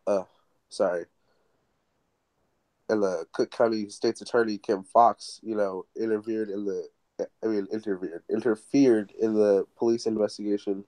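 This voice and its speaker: A man's voice: lowish voice, darkish tone, rough recording. Rambling man in casual podcast chat. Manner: rambling, filler-heavy, swearing. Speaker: podcast co-host.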